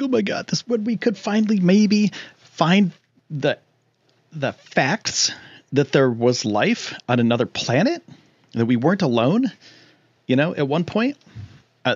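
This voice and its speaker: A man hosting a casual live stream, excitable and rambling with lots of fillers while he reads chat. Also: medium pitch, no room sound, lo-fi sound. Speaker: livestream host.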